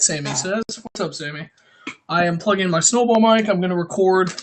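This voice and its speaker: A man's voice: sits high, moderate pace, a little hiss or hum. A young man hosting a casual livestream, greeting viewers by name and joking around. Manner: chatty, greets viewers, jokey. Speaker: livestream host.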